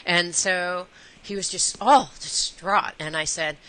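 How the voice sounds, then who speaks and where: A woman's voice: fairly low pitch, slow, a bit bright, low-quality recording. A woman hosting an interview, telling a personal story in a chatty way with many fillers and restarts. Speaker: interview host. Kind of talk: conversational interview.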